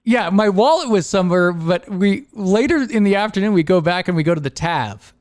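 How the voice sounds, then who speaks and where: Lively high-voiced male podcast host. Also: a little fast, no room sound, studio quality. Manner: rambling, animated, laughs often, acts out quoted voices. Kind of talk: casual storytelling chat.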